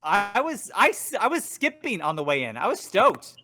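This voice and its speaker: A man in a casual podcast chat, excited and chatty. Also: sits high, normal speed. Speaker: podcast co-host.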